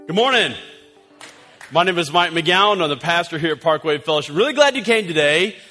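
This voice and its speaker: A man preaching a sermon as a pastor to his church, telling a story in a conversational, animated way, with fillers and asides. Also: on the high side, brisk, faint music behind. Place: church service.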